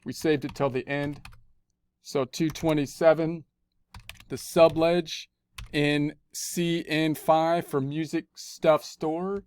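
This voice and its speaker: A man narrates an accounting screencast step by step through a spreadsheet, frequently repeating phrases as an instructor would. He speaks slowly and flatly at a fairly high pitch, his voice a little mellow, clear and resonant, recorded dry.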